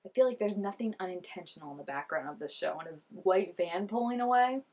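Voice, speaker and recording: Young female reaction vlogger, mid-pitched, talkative, excitable, heavy on "like", quick to laugh. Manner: gushing, chatty, laughs often, many "like" fillers. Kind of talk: casual reaction commentary.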